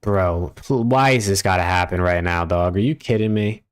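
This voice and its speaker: A man's voice: low voice, moderate pace, clear, resonant tone. Laid-back cursing male streamer. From United States. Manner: laid-back, profane, talks to chat and reads out usernames. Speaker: streamer hosting a watch party. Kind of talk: casual live-stream chat. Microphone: desk streaming mic.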